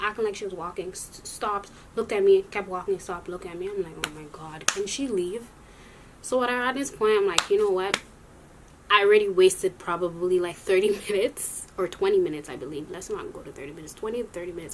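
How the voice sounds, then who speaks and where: A young adult woman telling a story in a casual vlog, rambling and animated, often correcting herself as she goes. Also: medium pitch, noisy background. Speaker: vlogger.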